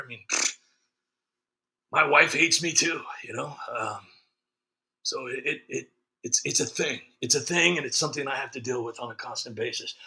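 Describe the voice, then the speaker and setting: Gravelly, forceful sarcastic male streamer. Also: on the high side. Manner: sarcastic, joking, frequent fillers. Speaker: streamer host. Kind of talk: casual ranting monologue.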